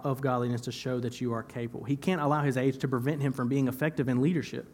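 A man's voice: mid-range voice, steady tone, fast talker, few pauses, darkish tone, a little hiss or hum. A young man preaching a sermon in church, talking conversationally, repeating phrases for emphasis and laughing at himself now and then. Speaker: pastor.

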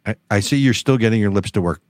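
A man's voice: on the low side, fast talker, dry recording, clean studio sound. A man co-hosting a casual political talk show, wry and sarcastic, rambling with restarts. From United States. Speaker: podcast co-host.

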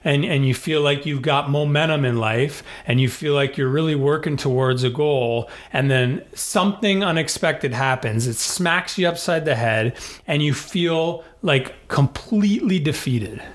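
A man's voice: a little high, a little slow, hardly any pauses. A man telling a personal story in a casual chat, rambling with many fillers and restarts.

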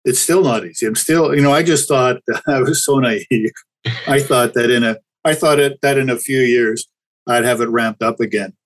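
A man's voice: medium pitch, normal speed, poor audio. An older man, a chiropractor guest, talking candidly and reflectively in a casual interview, often restarting his sentences. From Canada.

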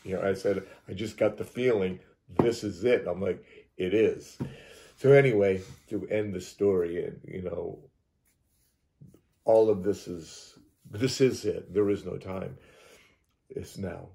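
A man's voice: low voice, a little slow, creaky, mellow. A man, a hypnotherapist, telling his experience in rambling first person, repeating and restarting words and acting out his own reactions.

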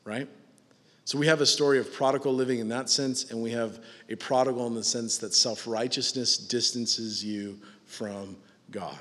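Man, pastor, bright forceful tone, animated sermon with sarcastic asides, long reverb of a large hall. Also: mid-range voice, moderate pace. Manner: animated, mocking asides, acts out quoted voices.

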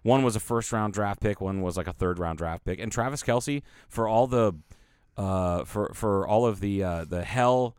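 A man from Ohio with a fairly low voice, chatting on a podcast. He rambles, restarts his sentences and swears freely. The sound is dry and close. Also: normal speed, a little mellow, clear, resonant tone, no echo. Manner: profane, rambling, stumbling restarts. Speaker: podcast co-host. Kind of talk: casual chat.

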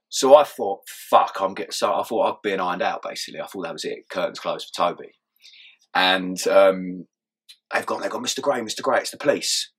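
A young man recounts events in a loose, sweary way, often laughing mid-sentence. His voice sits low and sounds husky. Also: a bit bright. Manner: swears often and laughs through his story, mumbling asides. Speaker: interview guest. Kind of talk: casual storytelling interview.

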